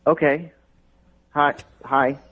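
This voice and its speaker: A man's voice: a little high, flat delivery, slow pace. A man taking a surprise call from a radio show, hesitant and puzzled at first. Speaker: caller on the phone. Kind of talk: phone conversation. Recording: tinny phone line.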